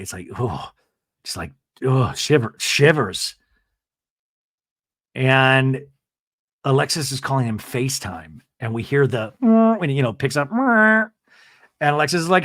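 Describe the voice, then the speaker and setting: A man's voice: medium pitch, lively intonation, moderate pace, pauses often, a bit bright, no room sound, clean studio sound. A man hosting a comedic TV recap podcast, snarky and mock-dramatic in his delivery. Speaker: podcast host.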